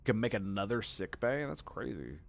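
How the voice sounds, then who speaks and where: A man giving let's play commentary as a gaming streamer, excitable and profane, gushing over every detail. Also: lowish voice, normal speed, creaky, a little hiss or hum.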